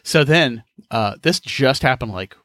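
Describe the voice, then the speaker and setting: A man with a bright, forward voice that swings up and down as he tells a rambling story. He swears freely and sounds exasperated, chuckling as he goes, and the sound is close and dry with no room around it. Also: medium pitch, animated, a little slow, dry recording. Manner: profane, laughing, exasperated. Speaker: podcast host.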